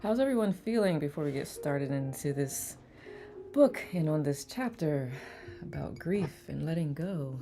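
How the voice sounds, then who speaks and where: A woman hosting a live online study session, greeting viewers by name in a relaxed, chatty way with a calming voice. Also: deep voice, unhurried, over music. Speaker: live-stream host of a letting-go study group. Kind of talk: casual livestream greeting chat.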